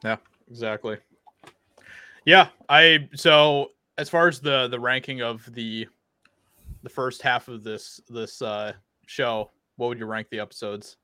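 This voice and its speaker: A man with a bright, sharp voice chats casually as a co-host, agreeing readily and mocking what he dislikes. The sound is dry and close-miked. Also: medium pitch, fairly even intonation, measured pace, smooth, no room sound. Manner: agreeable, laughs often, mocking. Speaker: podcast co-host. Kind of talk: casual chat.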